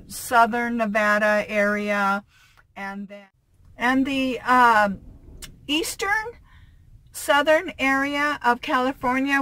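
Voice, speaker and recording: A woman's voice: mid-range voice, sharp tone, no room sound. A woman vlogging from inside her van, chatting casually with frequent fillers and little laughs. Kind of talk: casual vlog chat.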